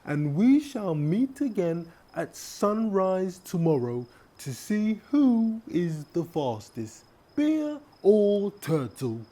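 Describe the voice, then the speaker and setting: A man voicing a proud male turtle in a storybook, talking in a long, drawn-out drawl with a raised voice. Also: high-pitched, very animated, warm tone, pitched above the performer's own voice, full character voice. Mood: scheming.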